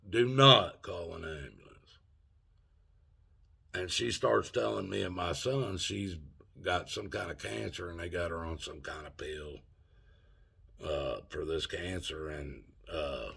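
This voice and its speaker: A man's voice: sits low, vocal fry, a bit bright, slightly rough. A man of sixty telling a story in a rambling, folksy way with loose grammar. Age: 60s. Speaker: vlogger. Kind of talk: casual storytelling.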